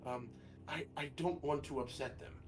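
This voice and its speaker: A man's voice: mid-range voice, normal speed, lightly acted. A man voicing a villainous asylum doctor for a tabletop horror game, unhinged and gleefully mocking. He drawls his orders in a sing-song lilt, with faint music playing underneath. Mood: taunting. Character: mad taunting male asylum doctor, villain.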